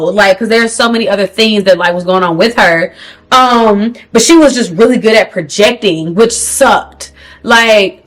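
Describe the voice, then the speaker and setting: A young woman vlogging a storytime to camera in an animated, slangy manner, talking to viewers as "girl". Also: mid-range voice, a little slow. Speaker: beauty vlogger. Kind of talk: storytime vlog.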